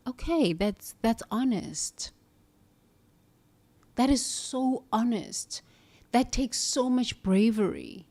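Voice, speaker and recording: A woman's voice: on the high side, takes it slowly, pauses often, darkish tone. Brief: earnest woman self-help speaker, coaching tone, asks and answers her own questions. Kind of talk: reflective motivational monologue.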